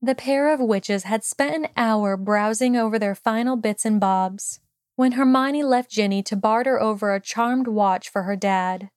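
A woman narrating a fan fiction story in a calm, steady storytelling voice. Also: a little high, a little slow, no echo, studio quality. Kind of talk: audiobook reading of fan fiction.

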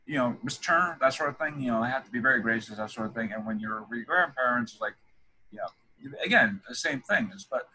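A man hosting a casual interview. His voice is bright and forward, and he wanders through his questions with lots of "like" and "you know" and keeps restarting. A faint hiss of noise sits under the recording. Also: mid-range voice, lively intonation, fast talker, rough recording. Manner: rambling, many fillers and restarts. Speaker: podcast host interviewing a guest.

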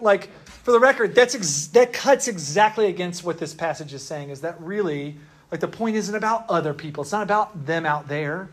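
A young pastor preaches to a room of listeners, keeping it casual and posing rhetorical questions to the audience. His voice is high and his speed normal.

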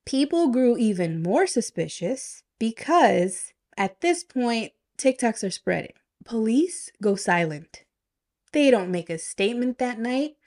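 A woman's voice: on the high side, sing-song, measured pace, darkish tone. A woman hosting a podcast, telling a story casually rhetorical questions and a chatty, conspiratorial manner. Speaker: podcast host.

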